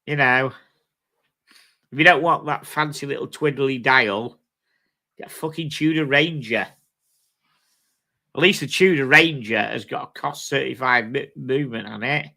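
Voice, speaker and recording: Sweary, gravelly British streamer. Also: male voice, medium pitch, unhurried, pauses often. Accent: British English. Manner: sweary, blunt and animated. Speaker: livestream host. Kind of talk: casual live-stream chat. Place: home streaming setup.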